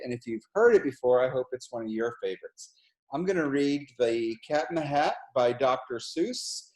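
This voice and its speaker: Gentle middle-aged man reading to kids. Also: medium pitch. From New Jersey, US. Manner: slow, gentle, explaining pictures to children. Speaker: college president reading a children's book. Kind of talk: read-aloud storytime. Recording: echoey room.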